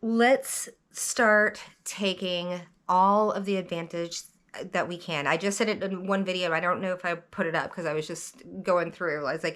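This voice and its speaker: A woman from the American South who reads tarot, talking to camera in a rambling, animated vlog monologue, often cutting herself off mid-sentence. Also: on the low side, normal speed. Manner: rambling, animated, self-interrupting. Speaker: tarot reader vlogger.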